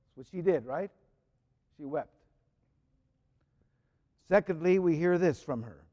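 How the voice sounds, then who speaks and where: Male priest, high voice, slow and reflective homily, reverberant church hall. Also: expressive, lo-fi sound. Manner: slow, reflective, reads prayers aloud with rising emphasis. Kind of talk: homily with scripture reading.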